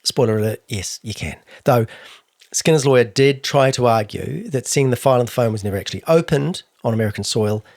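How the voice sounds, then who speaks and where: A man's voice: mid-range voice, a little fast, darkish tone, no room sound. A man with a New Zealand accent co-hosting a true crime podcast, telling the story with dry, wry asides. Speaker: podcast co-host.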